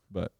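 A man in his thirties chatting casually as a podcast host, telling animated stories and laughing at himself. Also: no room sound, studio quality. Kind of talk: casual chat.

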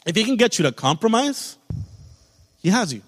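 A man preaching a sermon as pastor, building to loud, fervent peaks and then dropping soft. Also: high voice, big pitch swings, a little slow, breathy edge. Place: church sanctuary. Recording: long reverb of a large hall.

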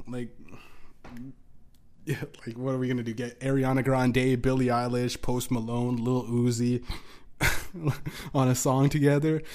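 A man's voice: medium pitch, fairly even intonation, unhurried, long pauses, a little mellow. A young man hosting a solo podcast, ranting casually with lots of swearing, restarts and laughing asides. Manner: profane, rambling, laughing asides.

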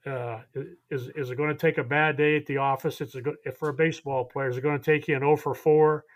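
A man's voice: on the high side, fairly even intonation, fast. An older man, a veteran baseball coach, telling earnest and heartfelt personal stories as a podcast guest. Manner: earnest, heartfelt storytelling with frequent restarts. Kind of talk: podcast storytelling.

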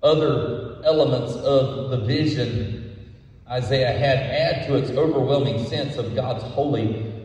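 Slow-speaking pastor in an echoey hall. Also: male voice, mid-range voice, darkish tone, distant mic. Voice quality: measured, emphatic delivery with repeated words. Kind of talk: sermon.

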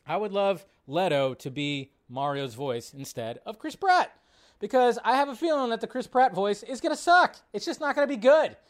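Excitable, foul-mouthed male movie-news host. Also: sits high. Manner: animated, profane, excitable. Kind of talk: casual live-stream commentary.

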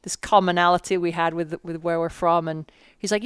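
A former World Cup mountain bike racer from England tells her story as a guest in a casual interview, rambling, restarting, and correcting herself with lots of fillers. Her voice is lowish and fairly even in intonation, a little fast with hardly any pauses, and smooth. The recording is clean studio sound with no room sound.

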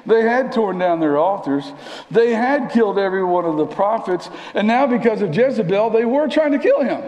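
High-voiced preacher in a reverberant church. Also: male voice, moderate pace. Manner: animated, conversational preaching with dramatic drops to a near whisper. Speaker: pastor. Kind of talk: sermon. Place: church sanctuary. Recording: long reverb of a church hall.

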